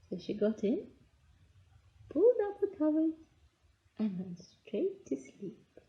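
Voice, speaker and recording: A woman reading a children's fairy tale aloud, slow and expressive, voicing the characters' lines. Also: fairly high pitch, dull audio. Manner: slow, lively storytelling with voiced character lines. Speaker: storybook reader.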